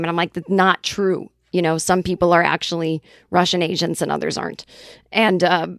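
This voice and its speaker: A woman's voice: fairly low pitch, steady tone, normal speed, vocal fry, no room sound. Woman, middle-aged, podcast host, rambling casual storyteller, swears, dry close recording. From Boston area. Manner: chatty, rambling, swears freely.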